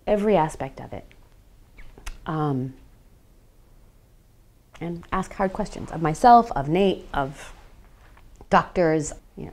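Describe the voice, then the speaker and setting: A middle-aged woman speaking as a parent in a radio documentary interview, reflective and halting as she searches for words. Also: low voice, a little mellow. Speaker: parent of a transgender teen.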